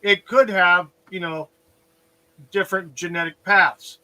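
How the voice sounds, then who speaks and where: A man's voice: sits high, fairly even intonation, measured pace, sharp tone, low-quality recording. A man chatting casually on a livestream, rambling and explaining through analogies.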